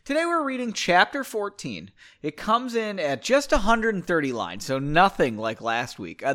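Ranting, animated man hosting a podcast. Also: on the high side. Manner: ranting, self-mocking, swings between loud outbursts and mumbling asides. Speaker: podcast host reading his own book. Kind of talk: casual solo podcast chat.

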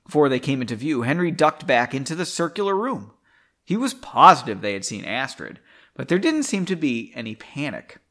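A man's voice: medium pitch, very animated, normal speed, a bit bright. A man casually reading his own story aloud, breaking off for profane, self-mocking asides and rereading botched lines. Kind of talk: casual read-aloud with commentary.

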